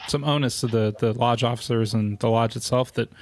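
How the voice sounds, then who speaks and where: A man's voice: medium pitch, fairly even intonation, fairly quick, no room sound. A man, hosting a podcast in a rambling casual chat full of filler words. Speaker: podcast host.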